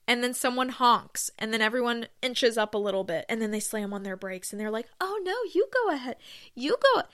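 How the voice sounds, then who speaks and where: A woman hosting her own podcast, rambling through casual stories with self-deprecating asides and bursts of excitement. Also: medium pitch. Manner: gushes with excitement. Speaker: podcast host. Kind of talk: casual solo podcast chat.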